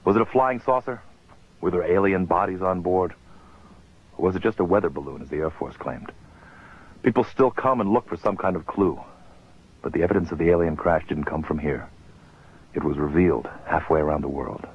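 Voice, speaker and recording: A man giving scripted documentary narration in a measured, grave manner. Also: low-pitched, slightly rough. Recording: dull lo-fi TV audio with faint noise.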